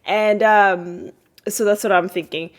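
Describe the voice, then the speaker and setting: Woman podcaster rambling through a tv recap, lots of ums and restarts, mid pitch, goes way up when quoting people. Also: steady tone, unhurried. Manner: rambling, many fillers and restarts; jumps high when quoting characters. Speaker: podcast host. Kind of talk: casual episode recap.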